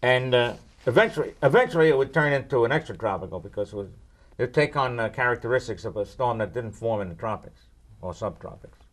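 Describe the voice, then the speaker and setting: Wisecracking older man, lively. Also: medium pitch, quick pace. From New York. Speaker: meteorologist. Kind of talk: joking Q&A banter.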